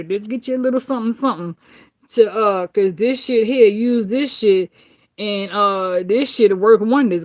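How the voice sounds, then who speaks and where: A woman tarot reader chatting casually with viewers, brash and profane, laughing often. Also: medium pitch.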